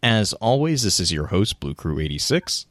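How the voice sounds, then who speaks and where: Deep-voiced male podcast host, dry sound. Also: big pitch swings, normal speed, a bit bright, no room sound. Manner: reads sponsor notes then chats loosely with restarts. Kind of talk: casual podcast chat.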